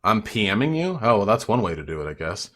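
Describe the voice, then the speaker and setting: A man's voice: fairly low pitch, sing-song, a little fast, pushed and bright. Profane, ranting young male streamer. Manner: profane, combative, mocking. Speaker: livestream host. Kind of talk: ranting livestream chat with viewers.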